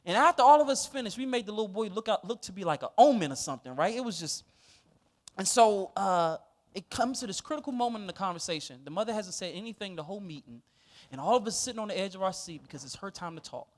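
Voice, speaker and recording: A male pastor telling a story in a sermon, animated and laughing as he goes. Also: sits high, fast talker.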